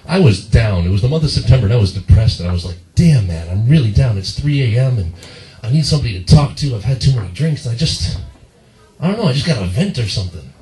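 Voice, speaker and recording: Animated young man doing stand-up in a club. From Las Vegas, Nevada. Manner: animated, jumps into high squealing voices for quoted people. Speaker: stand-up comedian. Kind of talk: stand-up comedy set. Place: comedy club stage. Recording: echoey club heard from a distance.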